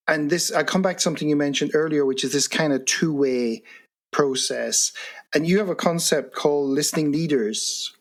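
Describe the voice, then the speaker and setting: A man hosting a podcast interview, speaking conversationally, often halting and searching for words. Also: on the high side.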